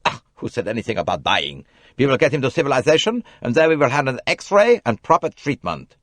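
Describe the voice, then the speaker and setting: A man reading an audiobook, voicing a brisk, reproachful doctor. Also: medium pitch, big pitch swings, fairly bright tone, no echo, pitched above the performer's own voice. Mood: brusque. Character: brisk brusque male ship's doctor. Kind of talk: audiobook character voice.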